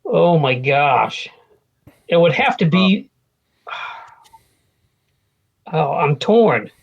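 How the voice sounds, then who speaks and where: Slow-talking guy a bit high, kinda muffled lo-fi audio, thinking it over. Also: very animated, vocal fry, husky. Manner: slow, thoughtful, hesitant. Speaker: podcast guest. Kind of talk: casual chat.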